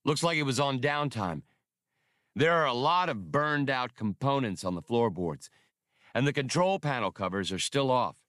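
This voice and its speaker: A man voicing a cocky, sardonic male starship captain in an audiobook, quick and commanding. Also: medium pitch, lively intonation, a bit bright, dry recording, studio quality, pitched above the performer's own voice, natural voice. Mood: wry. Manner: wry, commanding.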